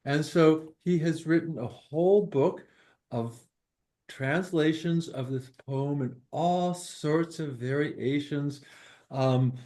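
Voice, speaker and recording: An older man, a poet and high school teacher, reading poems aloud in a playful, exclamatory manner. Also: mellow. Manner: playful and exclamatory, reads verse slowly and deliberately. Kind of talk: poetry reading at an open event.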